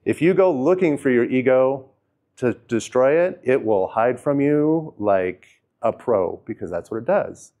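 A man talking casually about his own experiences in a self-help talk, rambling, with fillers and restarts, and dropping quiet on heavy moments. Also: medium pitch, lively intonation, unhurried. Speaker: host sharing personal experience.

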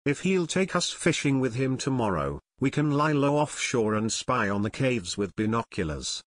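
Male reader doing steady teen boy detective, storybook, firm, mid pitch. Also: moderate pace, natural voice. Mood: determined. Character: older teenage boy detective, level-headed and determined.

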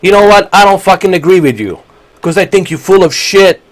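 A Bosnian man in his forties rants angrily and profanely while live-streaming a game. His voice sits high, with lively intonation and a brisk pace, and his manner is combative.

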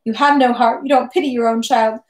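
A woman voicing a distraught middle-aged mother who pleads and wails in a high, shaky voice. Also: steady tone, brisk, a little mellow, echoey room, lightly acted. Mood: spiteful.

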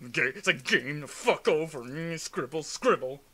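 A man's voice: on the high side, expressive, normal speed, a crowd in the background. A young man co-hosting a let's play, joking, swearing and laughing through casual gameplay commentary.

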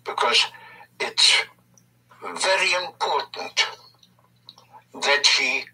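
Slow, patient man teaching from a distance. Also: a little high, vocal fry, pushed and bright, husky, whispered. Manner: slow, patient, emphatic explaining with repetitions. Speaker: language teacher. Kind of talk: recorded language lesson.

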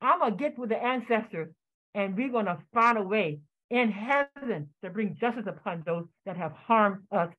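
A woman's voice: medium pitch, animated, moderate pace. An older woman on a video call giving very emotional, impassioned testimony, repeating herself as she speaks. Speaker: community descendant speaking on a panel. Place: home, joining by video call. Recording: tinny phone-like video call audio.

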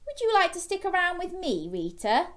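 A woman voicing a gentle, earnest young boy shark in a children's storybook. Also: extremely high pitch, wildly swooping pitch, moderate pace, a little hiss or hum, pitched above the performer's own voice, exaggerated voice.

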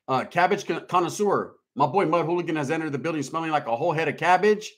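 Speaking quickly in a fairly high, expressive voice, a middle-aged streamer reads out his chat. The delivery is casual, slangy and streetwise.

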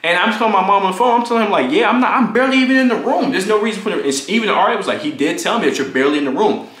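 A young man telling a storytime vlog story, animated and profane, acting out the quoted lines as he goes. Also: high voice, racing. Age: young adult. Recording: echoey room.

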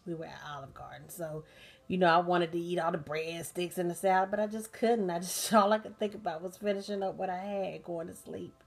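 A sleepy woman hosting a relaxed bedtime chat, talking casually with lots of fillers and laughs. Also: on the low side, fairly quick, creaky. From United States. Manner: relaxed, chatty, laughing often, many fillers. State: sleepy and tired. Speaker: host of a bedtime talk channel. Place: dim bedroom at night, soundscapes playing.

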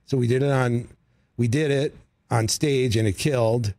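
A middle-aged man, a comedy writer, telling stories as a guest in a studio interview, animated and breaking into voices. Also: medium pitch, normal speed, dry recording. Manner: animated, slips into character voices. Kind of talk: casual interview storytelling. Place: radio studio.

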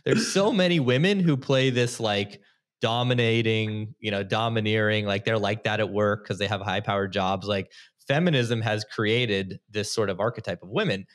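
A male podcast host with a fairly low voice, chatting casually with his guest. He stumbles and restarts often and laughs readily as he talks. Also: normal speed.

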